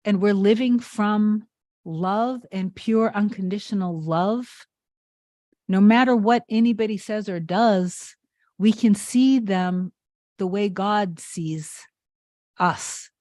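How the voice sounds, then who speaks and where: A woman's voice: mid-range voice, slow, a little mellow, dry recording. A woman coaching her viewers live, earnest and emphatic, circling back over her words as she builds a point. Her voice sits in a mid range, close to the mic in a dry, dead space. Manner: earnest, emphatic, repetitive, with restarts. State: tearful near the end. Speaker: manifestation coach hosting a live stream. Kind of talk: impassioned spiritual coaching on a livestream.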